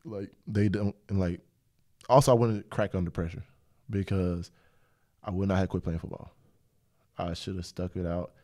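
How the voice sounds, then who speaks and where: Low-voiced man chatting loosely. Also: fairly even intonation, moderate pace, long pauses, dark tone. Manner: rambling storyteller, laughs often. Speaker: podcast host. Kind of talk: casual chat.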